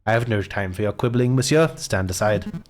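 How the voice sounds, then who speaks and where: A man's voice: fairly low pitch, animated, moderate pace, soft background music, lightly acted. A man reading a game aloud and voicing a stern, blunt male bird defense lawyer with a curt, commanding delivery.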